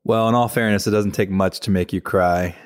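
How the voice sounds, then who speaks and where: A male faculty member co-hosting a casual chat, telling stories in a relaxed, teasing way with plenty of fillers. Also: deep voice, a little fast, smooth, no room sound, studio quality.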